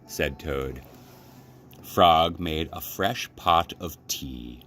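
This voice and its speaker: A man, a children's librarian, reading a storybook aloud in an expressive way. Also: a bass voice, very slow, a little hiss or hum.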